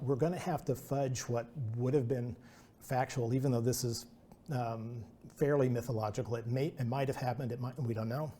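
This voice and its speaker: A man speaks at a presentation in a mellow, dark-toned voice at a middling pitch. He wanders through anecdotes, restarting sentences and joking at his own expense. Faint noise sits under his voice. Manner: rambling, chatty, self-deprecating with many restarts. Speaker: artist giving a talk.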